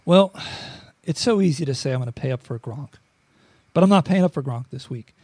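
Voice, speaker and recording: Jokey podcast guy, slightly higher voice, talks a lot, restarts his sentences. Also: expressive, brisk, dark tone, husky, dry recording. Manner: joking, chatty, with stammering restarts. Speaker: podcast co-host. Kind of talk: casual sports podcast chat.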